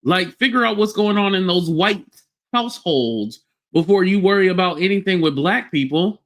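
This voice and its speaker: A young man hosts a live-streamed podcast and rants bluntly, swearing freely and stopping to greet viewers by name. His voice sits a little high for a man. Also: animated, normal speed. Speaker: podcast host.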